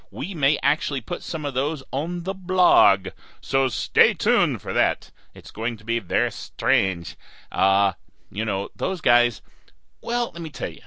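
A man's voice: fairly high pitch, pushed and bright, no echo. A man hosting a podcast in casual, rambling chat, joking and drifting off track before finding his way back. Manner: jokey, wanders off track and back. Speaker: podcast host.

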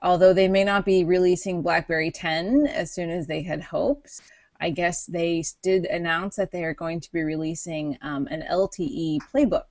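A woman's voice: fairly low pitch, fairly even intonation, normal speed, a little mellow, no room sound. A middle-aged woman co-hosting a casual tech podcast, chatty and giggly, often breaking off mid-sentence. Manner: giggly, chatty, self-interrupting. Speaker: podcast co-host.

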